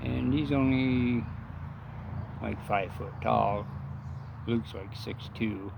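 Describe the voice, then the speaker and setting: A man's voice: medium pitch, steady tone, slow, creaky, muffled recording, background noise. A man telling a folksy, profane story in a casual, rambling way.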